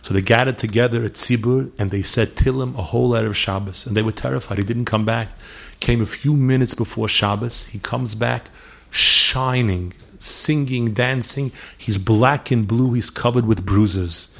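A middle-aged man delivers a holiday sermon as a string of stories, his voice sitting at an ordinary pitch. He weaves Yiddish and Hebrew words into his English and speaks the lines of the people in his tales. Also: normal speed, creaky, fairly bright tone. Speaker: rabbi giving a holiday talk. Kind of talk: sermon with storytelling.

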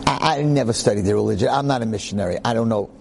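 A man giving a storytelling lecture in an animated, joking, conversational way. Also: mid-range voice, rapid-fire, gravelly, noisy background. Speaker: Jewish lecturer.

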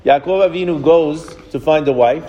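A man's voice: a little high, moderate pace, dark tone, long reverb tail, lo-fi sound. A man giving an informal Torah class, telling stories conversationally, often restarting his words and acting out the dialogue. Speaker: rabbi teaching a class.

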